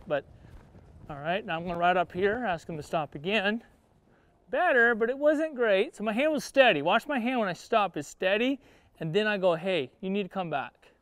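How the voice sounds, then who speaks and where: A horse trainer with a fairly high, smooth, slightly bright voice teaches from the saddle in an outdoor riding arena, walking viewers through each step in plain cowboy speech. He breaks off now and then to coach his horse with short calls. The sound is dry and close, with no echo.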